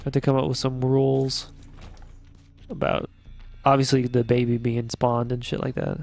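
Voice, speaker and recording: A young man with a gravelly, crackly voice at an ordinary pitch, chatting through a couch co-op game. He jokes around, swears freely and laughs often, in the easy way of friends gaming together on a couch. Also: level tone, normal speed, a little mellow. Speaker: gaming channel co-host. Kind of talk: casual let's-play chat. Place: living room couch, gaming in person.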